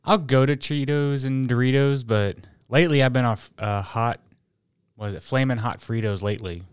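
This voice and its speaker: Easygoing man with a very clear voice. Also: medium pitch, moderate pace, no room sound, studio quality. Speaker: guest. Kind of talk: casual chat.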